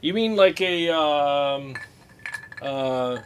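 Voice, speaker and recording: A man hosting a casual livestream, talking about guitar gear in a relaxed, rambling way with many fillers. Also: fairly high pitch, drawn-out words, noisy background.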